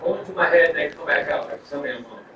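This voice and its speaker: A man's voice: a little high, expressive, fast talker, pushed and bright. A man doing stand-up comedy on a club stage, telling long stories in a rambling, profane, conversational way. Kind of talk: stand-up storytelling. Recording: very echoey, far-off mic, noisy.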